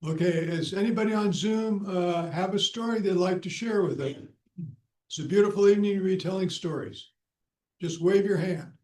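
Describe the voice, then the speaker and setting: A man hosts a storytelling night, inviting the next teller in an easygoing, informal way. His voice sits a bit high for a man. The room adds a clear echo. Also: moderate pace, darkish tone. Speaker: host. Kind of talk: hosting a storytelling evening. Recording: echoey room.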